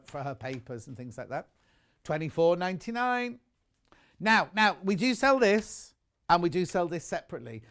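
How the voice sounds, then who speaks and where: A man's voice: on the high side, fairly bright tone. A British man presenting live on a shopping channel, chatty and rambling as he sells sewing goods. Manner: chatty, rambling, reads out viewer messages.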